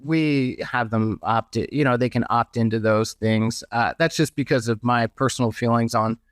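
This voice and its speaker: Male podcast guest, mid-pitched, conversational and rambling, dry close sound. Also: normal speed, dry recording. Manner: conversational, many restarts and hedges. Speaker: podcast guest, merch business owner.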